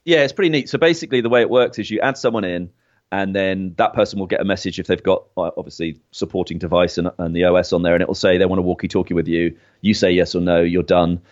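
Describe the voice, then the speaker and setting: A man with a fairly low voice talks through a casual tech chat, laughing often and restarting his sentences. The recording sounds a little dull and lo-fi. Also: steady tone, fast. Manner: chatty, laughing, with frequent restarts. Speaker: podcast co-host.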